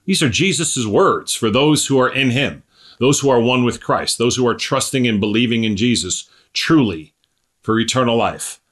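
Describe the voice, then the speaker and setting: A man's voice: mid-range voice, lively intonation, normal speed, fairly bright tone. Man, preacher, sermon teaching, earnest, conversational asides, mid-range voice.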